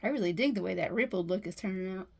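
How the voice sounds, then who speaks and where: A woman's voice: mid-range voice, fast talker, gravelly, low-quality recording. A woman vlogging casually from her home workspace, chatting and thinking aloud as she works on a resin piece, often breaking off mid-sentence. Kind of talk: casual chat while working.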